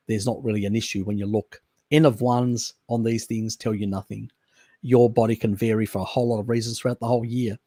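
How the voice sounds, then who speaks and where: A man's voice: on the low side, a little mellow, dry recording, studio quality. An Australian man hosting a live stream, chatting loosely and answering viewer questions with restarts and chuckles. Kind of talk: casual chat, reading and answering viewer questions.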